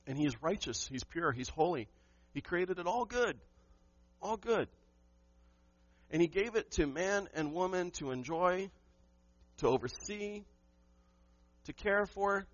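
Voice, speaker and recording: A man's voice: sits high, no room sound, dull audio. A man preaching a sermon to his church, emphatic and asking the congregation questions. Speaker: pastor.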